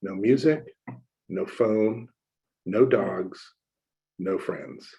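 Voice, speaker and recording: A male minister telling a personal story in a relaxed, conversational sermon, acting out the voices of the people he quotes. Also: fairly low pitch, extremely slow, vocal fry, husky, lo-fi sound.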